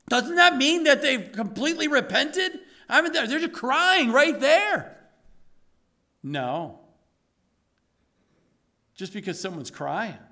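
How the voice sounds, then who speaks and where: A man preaching a sermon in an animated, emphatic way, full of rhetorical questions. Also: extremely high pitch.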